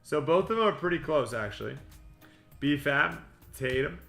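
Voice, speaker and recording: A man hosting a livestream card break, rattling off player names with quick joking asides. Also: fairly high pitch, expressive, gravelly, fairly bright tone. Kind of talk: livestream card-opening patter. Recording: echoey room with music behind.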